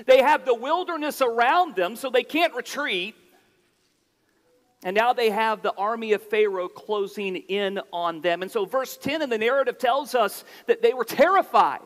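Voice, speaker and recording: Male preacher, very high voice, unhurried sermon delivery, long hall reverb. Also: lively intonation, fairly bright tone. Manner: deliberate, expository, restarts phrases when emphasizing.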